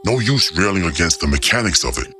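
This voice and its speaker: A deep-voiced man narrates with theatrical, mocking flair, his pitch swinging widely. His tone is bright and forceful, and soft music runs underneath. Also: big pitch swings, fast. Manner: theatrical, mocking, old-fashioned phrasing. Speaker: commentary host. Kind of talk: dramatic scripted narration.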